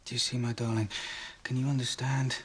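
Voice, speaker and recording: An actor playing an earnest young Victorian husband, speaking softly and evenly. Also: male voice, medium pitch, fairly quick, lightly acted. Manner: soft, even and earnest. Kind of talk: period TV drama acting. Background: clear music score.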